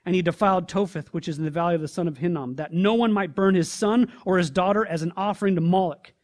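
A man preaching a sermon, reading scripture aloud and then pressing the listeners with rhetorical questions, rising loud and dropping soft. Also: sits high, fast. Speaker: pastor.

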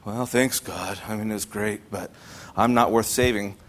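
A man voicing a gloomy, self-pitying believer in a low, sulky mumble. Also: fairly even intonation, a little fast, lightly acted. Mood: mopey.

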